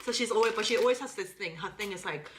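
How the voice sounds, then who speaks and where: A woman's voice: medium pitch, fast talker. A British woman chatting as a podcast guest, giggly and rambling with lots of "like". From Britain. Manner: giggly, rambling, heavy use of "like". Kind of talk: casual chat. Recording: echoey room with faint noise.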